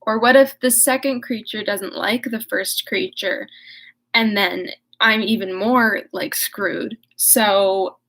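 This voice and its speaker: A woman's voice: mid-range voice, steady tone, takes it slowly, creaky, a bit bright, heavily acted. A woman voicing a moody, self-pitying young male scientist in a melodramatic, whiny way.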